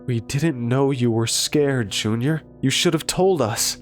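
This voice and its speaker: A man's voice: mid-range voice, measured pace, faint music behind, pitched above the performer's own voice, lightly acted. A man voicing a grieving mother asparagus from a cartoon, pleading and despairing.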